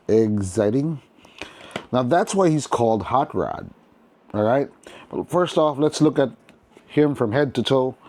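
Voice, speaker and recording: A man's voice: medium pitch, a little mellow. A man hosting a casual toy unboxing review, chatty and enthusiastic, talking straight to his viewers with frequent restarts.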